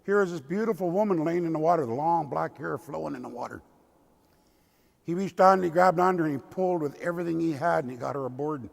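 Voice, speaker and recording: An older man from the Lummi Nation, a tribal elder telling a traditional story in a slow, deliberate way. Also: fairly high pitch, vocal fry. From Lummi Nation, Pacific Northwest. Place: cathedral. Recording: long cathedral reverb.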